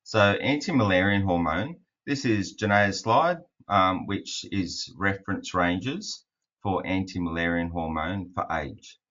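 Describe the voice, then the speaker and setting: A man, a fertility doctor, giving a webinar lecture over slides in a monotone with frequent ums. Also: sits low, a little slow. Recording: dull, lo-fi webinar audio.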